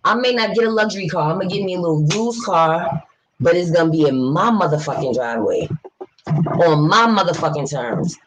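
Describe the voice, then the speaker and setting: Speaking a little fast in a fairly low, expressive voice, a woman from New York City runs a casual livestream against a noisy background. She talks right to her viewers, reads the chat aloud, and is blunt, passionate and free with swearing.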